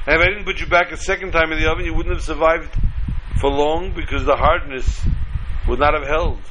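A man playing a calm, patient potter who speaks quietly and gently but firmly. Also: on the high side, fairly quick, background noise, lightly acted. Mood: reassuring.

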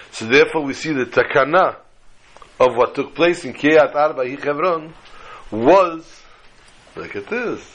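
A man teaching a Torah class, telling a story and drawing slow, emphatic lessons from the text. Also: medium pitch, a bit bright, rough recording. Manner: storytelling, acting out dialogue with slow emphatic phrases.

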